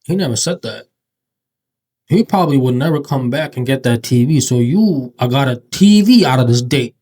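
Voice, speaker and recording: A man's voice: medium pitch, animated, moderate pace, dark tone. A man hosting a reaction video, talking in a slangy, teasing and mocking way. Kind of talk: casual reaction commentary.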